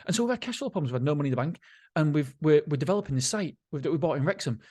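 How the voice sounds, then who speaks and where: A man's voice: on the high side, expressive, very fast, a little mellow. Podcast host, male, slightly raised voice, blunt and profane, loose motivational rambling with frequent restarts. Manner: blunt and candid, swears freely; repetitive, restarts sentences. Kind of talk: casual motivational monologue.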